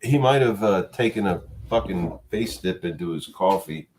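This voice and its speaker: A man with a very low voice chats casually as a guest on a livestream. His pitch swings widely as he jokes around, and he swears without a second thought. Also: expressive, normal speed, a little mellow, slight background noise.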